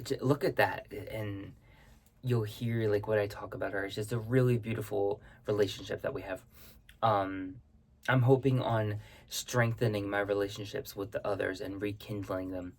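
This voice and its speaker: A man's voice: lowish voice, vocal fry. Rambling man in a casual vlog. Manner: rambling, circling back to rephrase. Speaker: vlogger answering viewer questions. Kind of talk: casual spiritual chat.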